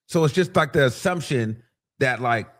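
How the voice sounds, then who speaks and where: A man's voice: mid-range voice, normal speed. A man hosting a livestream, talking casually and acting out the voices of the people he quotes. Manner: animated, acts out quoted voices, many restarts. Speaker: livestream host.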